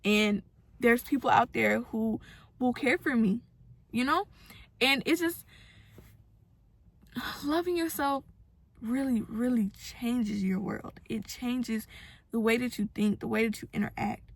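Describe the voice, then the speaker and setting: A woman's voice: on the high side, a little slow, gravelly, pauses often. A young woman giving a casual, earnest motivational talk to her followers, acting out the voices of people she quotes. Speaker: self-help vlogger.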